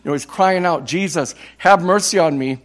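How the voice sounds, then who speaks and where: Speaking at a normal pace in a voice on the high side, a Minnesota evangelist in his sixties delivers a fervent sermon. He repeats words as he builds toward loud cries.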